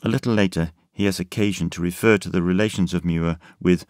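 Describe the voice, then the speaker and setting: Male audiobook narrator, deep voice, deliberate scripted delivery, dry close sound. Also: steady tone, a little mellow, no echo. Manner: measured, deliberate reading.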